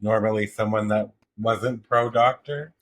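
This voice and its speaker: A man hosting a podcast, asking slow, searching, gentle questions. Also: on the low side, steady tone. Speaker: podcast host. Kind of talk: interview questions.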